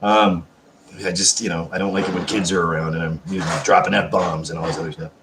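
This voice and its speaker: Man streamer, lowish voice, rambling and foul-mouthed, chats at home with faint noise behind. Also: steady tone, brisk. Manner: rambling, profane, swears constantly; chatty, reads out and answers chat messages. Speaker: live-stream host. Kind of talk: casual live-stream chat with viewers. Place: at home, seated.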